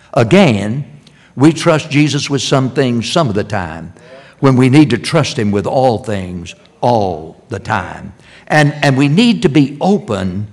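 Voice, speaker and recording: An older man preaching a sermon in a church, repeating key phrases and swinging from loud emphasis to hushed lines. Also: lowish voice. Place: church sanctuary.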